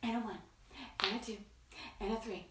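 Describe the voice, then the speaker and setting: A woman's voice: medium pitch, fairly even intonation, normal speed, a bit bright, echoey room, recorded from a distance, slight background noise. A woman hosting a children's story time, talking in a playful, bubbly way to young kids.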